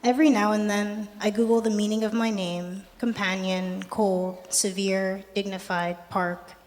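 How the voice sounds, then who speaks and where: Young adult poet, wry deadpan reading, mid-pitched voice, long gallery reverb. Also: measured pace, slight background noise. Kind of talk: poetry reading. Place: art gallery performance space.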